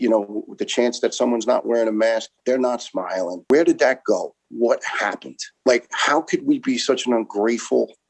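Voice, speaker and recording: This middle-aged Brooklyn man, once a first responder, gives an earnest, impassioned conversational interview, repeating words as he builds each point. His mid-range voice is creaky and a little mellow with a breathy edge, and the audio quality is poor.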